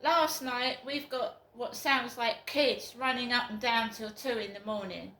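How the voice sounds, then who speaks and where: Slow, rambling older woman. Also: on the high side, steady tone, bright, forceful tone. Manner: rambling and frank, with frequent pauses. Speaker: vlogger. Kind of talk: casual talk to camera. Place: her home, indoors. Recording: echoey room, faint background noise.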